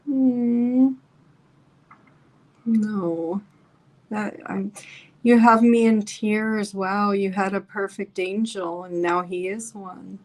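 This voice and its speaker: A woman with a medium-pitched, fairly even voice speaks slowly while hosting a casual live stream. She reads viewer comments aloud and reacts to them in a chatty, emphatic way as her voice grows worn.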